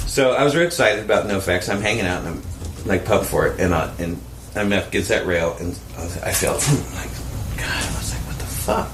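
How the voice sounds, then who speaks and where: A man casually telling a story on a podcast, animated and profane, acting out the people he quotes. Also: low voice, moderate pace, echoey room, slight background noise. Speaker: podcast co-host.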